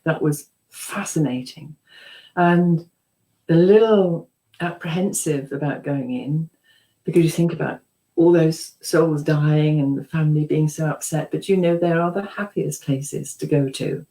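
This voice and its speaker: British therapist lady, low mellow voice, rambling stories full of ums and little laughs. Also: rough recording. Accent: British English. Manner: chatty, warm storytelling with frequent ums and laughs; acts out quoted voices. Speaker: psychotherapist guest. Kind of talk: conversational anecdote telling.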